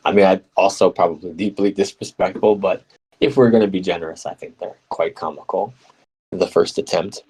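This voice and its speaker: A man hosting a live radio show, chatting casually and reading scripture aloud, playful and quick to laugh. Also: low-pitched, darkish tone, husky, poor audio. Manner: playful, laughs often, slips into mock accents.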